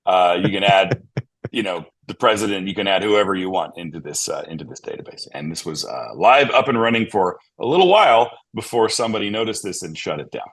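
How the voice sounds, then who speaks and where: Lowish-voiced man telling an animated story. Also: brisk, breathy edge. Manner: animated, lots of fillers and asides. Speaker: panel guest. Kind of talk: casual storytelling.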